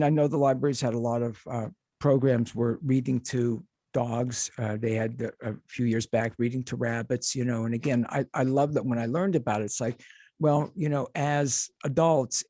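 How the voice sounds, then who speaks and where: A man's voice: mid-range voice, mellow, dry recording, studio quality. A man hosting a radio show, chatting casually with guests and often restarting his sentences. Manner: rambling, with frequent restarts. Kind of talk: casual interview chat.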